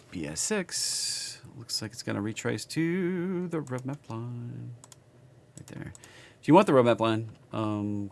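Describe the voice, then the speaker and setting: A man's voice: medium pitch, slight background noise. A man with a Southern accent, casually reading stock charts on a live stream and chatting with viewers.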